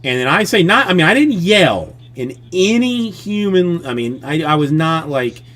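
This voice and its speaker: Rambling man with a bright voice. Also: a little high, sing-song, moderate pace. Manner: rambling, full of "I mean" and "like" restarts. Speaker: live stream host. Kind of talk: casual chat, telling a family story.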